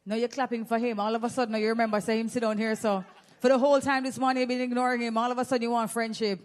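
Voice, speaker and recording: A Jamaican woman with a slightly high voice talks very fast while hosting a live show on a handheld microphone. She's playful and lively, teasing listeners between prize games.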